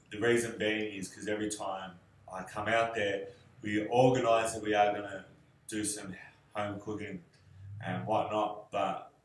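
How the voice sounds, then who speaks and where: A young man answering questions about his fiancée in a relaxed, rambling way, with many fillers. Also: lowish voice. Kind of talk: casual video answers. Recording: echoey room.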